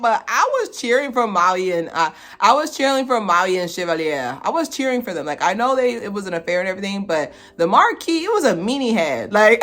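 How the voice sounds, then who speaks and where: A woman giving a casual movie review vlog, animated and slangy, laughing as she talks. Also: medium pitch, brisk, hardly any pauses, soft background music.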